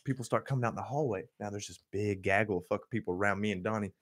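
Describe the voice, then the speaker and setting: A young adult man hosting a podcast, telling a crude story with animated, profane energy and frequent laughter. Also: fairly low pitch, racing. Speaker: podcast host. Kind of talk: casual storytelling.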